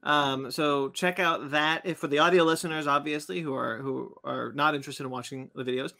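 A man in his thirties co-hosting a podcast, excitable and teasing as he runs through announcements. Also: fairly high pitch, fairly quick, gravelly. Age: 30s. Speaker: podcast co-host. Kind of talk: casual podcast chat.

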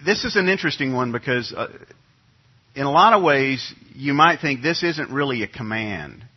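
A middle-aged male pastor tells a homely story from the pulpit, easygoing and full of little restarts. His voice is a touch husky, and it comes across a bit dull and muffled, like a church sound system. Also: medium pitch, expressive, normal speed. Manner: conversational, folksy storytelling with many restarts. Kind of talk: sermon with personal anecdote. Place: church sanctuary.

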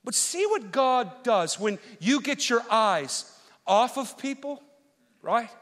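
A man preaching as pastor, telling an animated personal story that swings from loud rants to quiet, earnest reflection. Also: very high voice, slow pace. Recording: long hall reverb.

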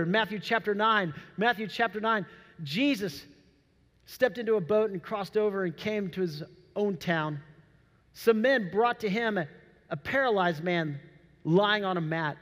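A male pastor preaches with a high-pitched voice. He tells the story with animated energy and acts out the quotes. His words ring with long reverb in a large church sanctuary. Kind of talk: sermon.

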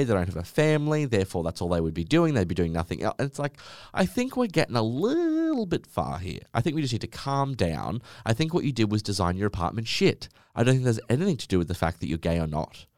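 Sarcastic, sweary man, lively pitch. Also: dry recording, clean studio sound. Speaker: podcast host. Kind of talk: solo podcast rant.

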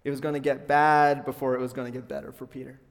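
Upbeat young pastor, echoing hall. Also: male voice, mid-range voice, flat delivery, fast, creaky. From Calgary, Canada. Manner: upbeat, friendly, joking asides. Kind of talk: sermon. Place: school hall used for church. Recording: long hall reverb.

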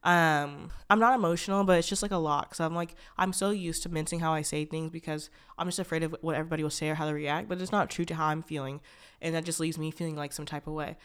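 A woman's voice: deep voice, fairly even intonation, quick pace, clean tone. A young woman hosting a podcast, telling a personal story in a rambling, candid way, full of "like" fillers, restarts and blunt swearing. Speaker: podcast host.

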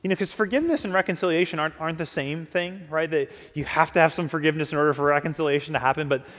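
A man's voice: fairly high pitch, rapid-fire, fairly bright tone. Man preaching in an echoing hall. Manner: conversational preaching, acts out imagined dialogue. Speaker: pastor. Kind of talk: sermon. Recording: long hall reverb.

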